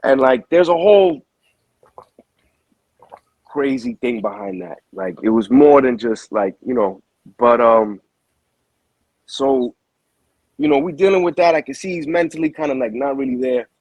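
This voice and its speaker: A boxing manager tells his story in loose, slangy talk and keeps restarting his sentences. His voice is husky. The sound is close and dry. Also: mid-range voice, a little slow, pauses often, no room sound, rough recording. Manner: animated storyteller, heavy slang, frequent restarts. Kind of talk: casual interview storytelling.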